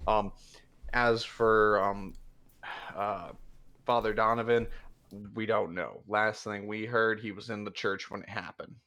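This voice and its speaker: Bright-voiced man running a tabletop game. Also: fairly low pitch, fairly even intonation. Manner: halting, filler-heavy narration with quick voiced asides. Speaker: game master.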